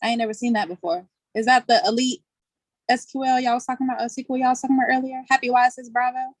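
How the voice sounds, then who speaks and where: With a little high, steady-toned voice, she races through her words as host of a casual live online quiz. Chatty and playful, she laughs often and uses loose slang while on a video call outdoors. The recording is dry.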